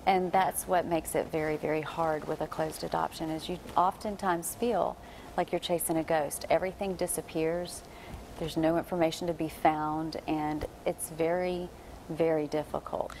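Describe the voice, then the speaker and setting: A woman's voice: sits low, level tone, moderate pace, darkish tone, slight background noise, low-quality recording. A woman guest on a television talk show, telling her own story earnestly and reflectively. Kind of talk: TV interview.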